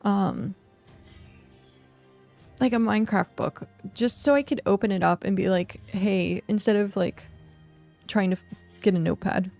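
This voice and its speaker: Soft background music accompanies a woman streaming a game, her medium-pitched voice unhurried, creaky, and a little mellow, with frequent pauses. She chats loosely and thinks aloud, full of fillers and trailing sentences, while hiccuping and yawning.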